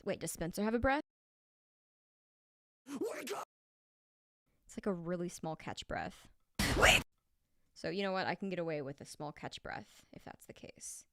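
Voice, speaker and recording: A woman singer chatting casually on a livestream between vocal takes, reading chat aloud and clearing her throat often. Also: fairly low pitch, animated, brisk, hardly any pauses, no room sound, shouting, studio quality. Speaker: singer streaming vocal tracking.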